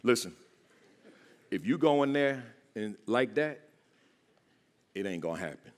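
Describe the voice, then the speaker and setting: A man's voice: medium pitch, expressive, a little slow. A man giving a motivational keynote to teachers, with an emphatic, preacher-like delivery and call-and-response. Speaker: keynote speaker, school principal. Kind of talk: motivational speech. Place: large church auditorium. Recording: echoey hall with long reverb.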